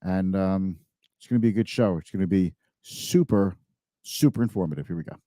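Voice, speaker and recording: A man's voice: sits low, brisk, dark tone, no room sound. Man, finance show host, live stream talk, dry close mic, conversational, emphatic. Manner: conversational, emphatic, repeats words.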